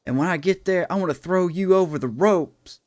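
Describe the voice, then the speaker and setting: A man playing an excitable male wrestler who boasts in a loud, raised voice. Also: high voice, brisk, no echo, clean studio sound, pitched above the performer's own voice, natural voice. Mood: boastful.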